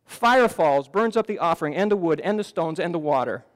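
A man's voice: fairly high pitch, animated, fairly quick. A man giving an earnest, conversational sermon as pastor in a church sanctuary, often restarting his phrases. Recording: long reverb of a church hall.

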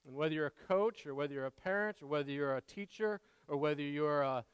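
A man, a father, preaching a sermon in an earnest way, repeating words and moving between soft asides and loud emphasis. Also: fairly high pitch, fast, smooth, no echo, in a large hall. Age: adult father. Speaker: pastor.

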